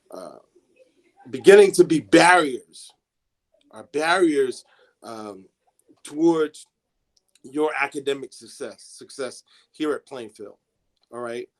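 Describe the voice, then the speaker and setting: Male school counselor type, slightly high voice, halting classroom talk full of restarts. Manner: halting, many restarts and fillers. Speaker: student assistance coordinator.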